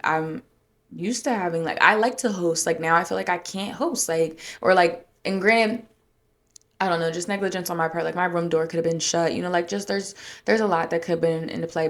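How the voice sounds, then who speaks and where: A woman sits at the mic recounting her week in a loose, chatty monologue. Her voice is low with a gravelly edge, and it jumps up whenever she acts out a quarrel. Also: normal speed. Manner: animated retelling, acting out quotes in a raised voice. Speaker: podcast host. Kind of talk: casual storytelling monologue.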